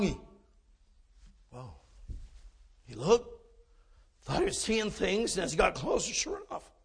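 A male preacher telling a folksy story in a sermon, often dropping to a hush. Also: high-pitched, husky. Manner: folksy storytelling, drops to hushed tones.

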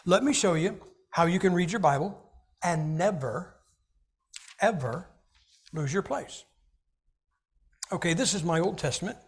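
Lively, joking male preacher. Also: sits high, unhurried, pauses often, breathy edge. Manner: animated, jokey, acts out little scenes. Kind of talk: humorous sermon.

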